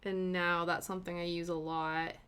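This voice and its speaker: With a fairly low pitch and a clean tone, a young woman from Britain, her accent worn soft by many years in Canada, hosts a relaxed cross-stitch stream. She sounds bright and sunny, and her rambling chatter is packed with fillers and quick bursts of laughter.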